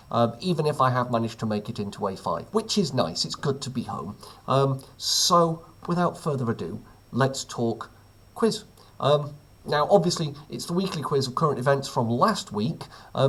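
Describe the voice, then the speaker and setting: A man's voice: mid-range voice, husky. A man who teaches, reading out a weekly quiz at home with dry, offhand jokes between the questions. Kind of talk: casual quiz reading with asides.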